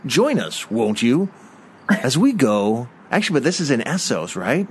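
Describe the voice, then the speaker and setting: A man's voice: mid-range voice, very animated, a little slow, slight background noise. Joking man narrating a game. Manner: playful, joking. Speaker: gamer. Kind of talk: casual let's-play banter.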